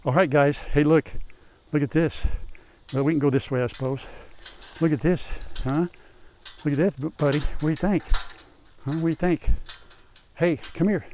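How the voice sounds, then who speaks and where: An older man with a drawl, talking in a folksy, rambling way to the camera as he works outside on his farm. His voice sits a little high for a man. Insects and animals can be heard faintly around him in the open air. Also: fairly even intonation, normal speed, pauses often, a little mellow, slight background noise. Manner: folksy, chatty, calls out to animals in a high coaxing voice. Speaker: farm vlogger. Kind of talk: casual farm vlog, talking to camera while working. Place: outdoors on a farm, animal pen.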